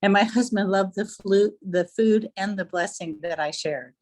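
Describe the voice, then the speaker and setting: A woman's voice: medium pitch, darkish tone. A woman art teacher talking casually over a video call, often stopping to search for words. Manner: halting, searches for words with many fillers. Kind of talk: casual chat.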